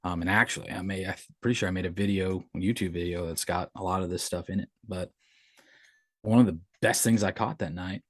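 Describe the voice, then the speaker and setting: A middle-aged man tells his own haunted-house experiences in a casual, rambling way, restarting sentences and acting out quotes. His voice sits very low. The recording is close and dry with no room sound. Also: fairly even intonation, fairly quick, dry recording. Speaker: podcast host telling his own experiences. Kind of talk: casual storytelling.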